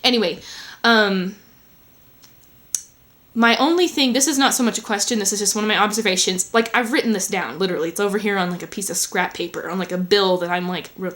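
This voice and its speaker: A woman's voice: mid-range voice, fairly quick, fairly bright tone. A woman talking casually and rambling in a home vlog, full of fillers and asides. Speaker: vlogger.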